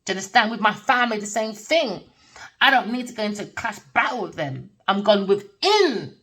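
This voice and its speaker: A woman's voice: mid-range voice, sing-song, brisk, a bit bright, slightly rough. A middle-aged woman giving a rambling spiritual tarot reading, blunt and swearing freely, often breaking into laughter. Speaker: tarot reader. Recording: voice distant from the mic.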